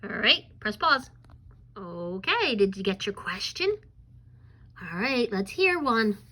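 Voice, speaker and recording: A woman teacher giving a recorded reading lesson to young children, encouraging them to answer aloud and pausing on "um" fillers. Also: medium pitch, very animated, bright, forceful tone, poor audio. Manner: coaxing and encouraging, asks pupils to answer aloud; frequent um fillers while explaining.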